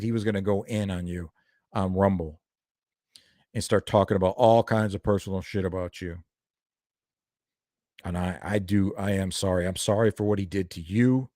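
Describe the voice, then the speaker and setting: A man's voice: lowish voice, dark tone, no echo, clean studio sound. A young man doing a heated, profane reaction video, ranting and calling people out. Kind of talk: angry reaction commentary.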